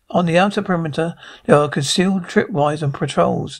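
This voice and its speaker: A man reading a script aloud, halting and stumbling over words. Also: a little high. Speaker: reader.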